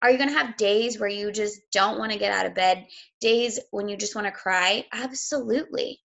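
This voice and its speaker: A woman's voice: mid-range voice, moderate pace, gravelly, a bit bright. A woman, a fitness coach giving a blunt, emotional motivational talk, sick and close to tears, swearing freely.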